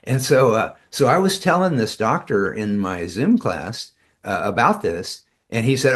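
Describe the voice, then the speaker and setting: A man's voice: mid-range voice, sing-song, measured pace, few pauses. A man, a tai chi teacher, telling rambling stories as a guest in a casual interview, with many fillers and restarts.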